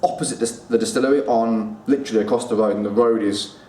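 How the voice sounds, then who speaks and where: A man's voice: mid-range voice, fairly even intonation, warm tone. Man reviewing whisky, roomy echo. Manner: chatty, pausing, repeats words while thinking. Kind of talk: casual spoken review. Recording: roomy echo, distant mic, faint room noise.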